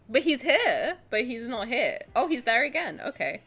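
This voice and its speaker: A woman streamer with a bright, high-ish voice that leaps all over her range as she talks to her chat. She coos at game characters, swears freely and shrieks at viewers in mock protest, with faint game music playing behind her. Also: big pitch swings, moderate pace, few pauses. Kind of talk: live-stream gacha reactions, chatting with chat.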